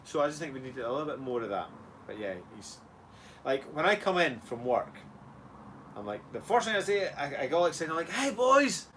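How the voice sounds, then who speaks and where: Scottish co-host, chatty and easy-laughing, light hiss behind him. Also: male voice, mid-range voice, animated, a little fast, a bit bright. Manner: chatty, laughing easily, earnest. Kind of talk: casual live chat.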